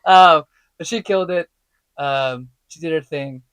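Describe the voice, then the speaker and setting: An interview guest who works as a stunt performer and actor talks in a fairly high, clean voice at an unhurried pace, with no echo. His stories come out casual and animated, with laughter, acted-out quotes from others, and plenty of ums and likes.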